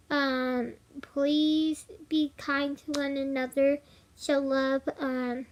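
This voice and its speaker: A young woman with a twang tells a spooky story straight to her audience. Her voice sits high and bright, and she rambles loosely, with plenty of "like" and little giggles. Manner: rambling, filler-heavy, giggly. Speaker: vlogger. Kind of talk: casual storytelling to camera.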